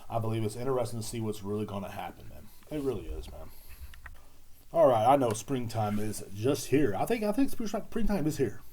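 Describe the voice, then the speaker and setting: A young man rambles through a solo podcast, swearing freely and leaning on sarcasm. His voice is warm and mellow, at an ordinary middle pitch, and he keeps circling back with "man" and "you know" between loose thoughts. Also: sing-song, a little fast. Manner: profane, rambling, sarcastic, with frequent fillers. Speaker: podcast host.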